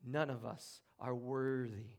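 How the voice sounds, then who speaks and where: A man pastor preaching a sermon in a church room, earnest, with dramatic pauses and drops to a hush. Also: mid-range voice, fairly even intonation, creaky. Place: church room, speaking from the front.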